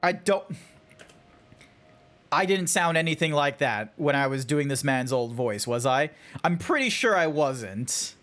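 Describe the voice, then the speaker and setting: An Australian man chatting on a gaming livestream, easygoing and quick to laugh. He drops casual swears and talks at an unhurried pace. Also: a little high, lively intonation, a bit bright, faint music behind. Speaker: streamer.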